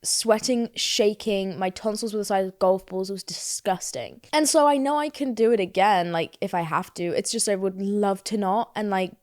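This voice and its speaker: A young woman in her twenties hosting a casual solo podcast, talking in an expressive, sweary, self-mocking way while fighting off a slight cold. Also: medium pitch, normal speed, few pauses. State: slightly ill, throat irritation. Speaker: podcast host.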